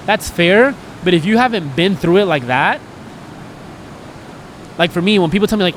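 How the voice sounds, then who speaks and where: Earnest man talking it through, slightly high. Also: a little fast, fairly bright tone, a little hiss or hum. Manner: earnest, emotional, rambling with many "like"s. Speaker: podcast co-host. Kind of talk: candid podcast conversation.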